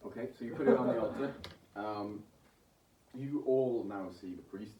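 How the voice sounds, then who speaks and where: A male game master narrates a tabletop game in a fairly low voice, stopping and restarting often. He sounds distant from the mic in an echoey room, with faint noise behind him. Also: warm tone, dull audio. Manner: halting, with many restarts.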